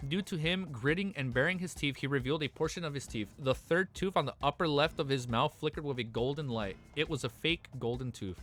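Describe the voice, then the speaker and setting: A young man streaming live, reading a story aloud and reacting with excited swearing and stumbles. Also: fairly high pitch, fairly quick, few pauses.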